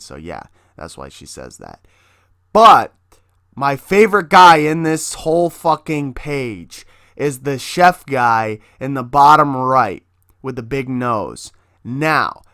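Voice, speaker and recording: A man's voice: medium pitch, sharp tone, smooth, no room sound, clean studio sound. A man casually promoting his own comic book, hyped and swearing constantly as he talks.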